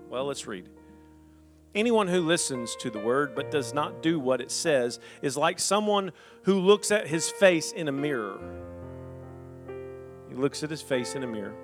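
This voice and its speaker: A man preaching a lively sermon in a church. He reads scripture aloud and breaks into humorous asides to the congregation. A faint instrument plays softly behind him. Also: a little high, normal speed, over music. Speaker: pastor.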